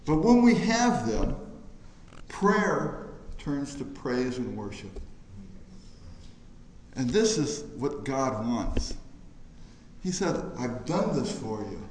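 Slow, emphatic preacher in an echoey hall. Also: male voice, medium pitch, big pitch swings. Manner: emphatic, swells loud on key phrases then drops quiet. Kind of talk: sermon.

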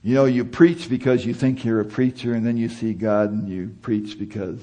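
Male preacher, middle-aged, slightly breathy tone, mixes chatty asides with emphatic declarations. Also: medium pitch, fairly even intonation, moderate pace, warm tone, highs cut off. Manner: conversational preaching, rising to emphatic peaks. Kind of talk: sermon.

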